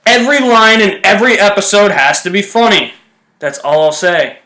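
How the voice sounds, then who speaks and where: A man's voice: sits high, normal speed, bright, forceful tone, echoey room. A young man giving a casual, exasperated review rant about a TV show. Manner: ranting, exasperated, blunt.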